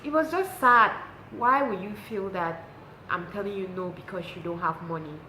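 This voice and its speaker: A woman's voice: mid-range voice, moderate pace, bright, forceful tone, slight background noise. Cameroonian woman vlogging a storytime, acts out the quotes, roomy sound. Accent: Cameroonian English. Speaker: lifestyle vlogger. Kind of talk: storytime vlog.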